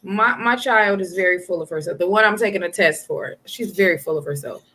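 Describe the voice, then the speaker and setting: Joking woman cohost, bright tone, says it straight. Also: on the low side, brisk, slightly rough. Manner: blunt, joking, brassy. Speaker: podcast co-host. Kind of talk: casual chat.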